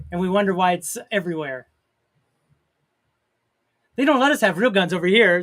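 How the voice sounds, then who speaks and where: A man's voice: high voice, a bit bright. A man co-hosting a casual chat, telling stories and laughing often. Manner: jokey storyteller, laughs often. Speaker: podcast co-host.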